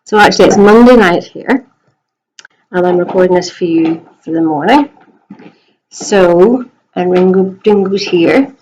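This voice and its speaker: A middle-aged woman teacher at home, chatting gently in a recorded message to young pupils. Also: medium pitch, rough recording. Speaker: primary school teacher.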